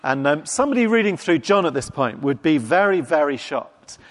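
A man's voice: on the high side, very animated, moderate pace. A man preaching a sermon in a conversational, wry, emphatic way. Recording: long hall reverb.

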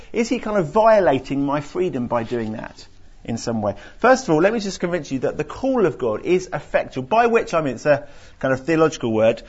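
A man teaches a group from the Bible, earnest and explanatory, stumbling through restarts and fillers. His voice is husky, and the recording sounds dull and lo-fi. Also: on the high side.

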